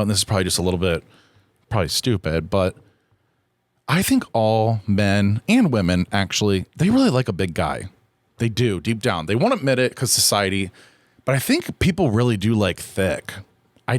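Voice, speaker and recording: Low-voiced man rambling candidly. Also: no room sound. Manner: rambling, candid, profane and self-deprecating. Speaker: podcast host. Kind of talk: casual solo podcast chat.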